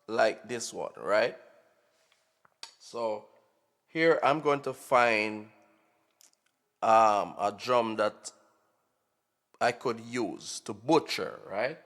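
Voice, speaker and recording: Man, mid pitch, slow and informal, explaining gear in a reverberant room. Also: fairly bright tone. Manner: slow, informal, repeats "right?" often. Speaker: drum tutorial presenter. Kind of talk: unscripted casual tutorial. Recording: long reverb in a hall-like room.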